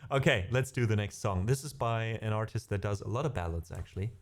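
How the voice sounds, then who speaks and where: A middle-aged musician with a German accent talks fairly quickly at a fairly low pitch. He's casually chatting with his stream viewers and live chat, rambling and dropping in lots of fillers.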